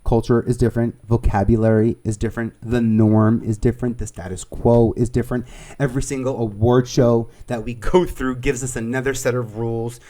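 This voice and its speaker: A man with a New York accent, a producer and casting director, chatting as an interview guest in an animated way, laughing easily and restarting his sentences. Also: medium pitch, brisk. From Staten Island, New York. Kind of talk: conversational storytelling.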